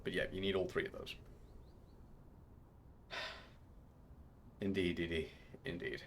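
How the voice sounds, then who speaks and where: A man streams a frustrating game live, groaning and yelping at each failure as he talks to his chat, sounding exasperated and out of breath. His low voice is slow and flat, with a little hiss or hum on the recording.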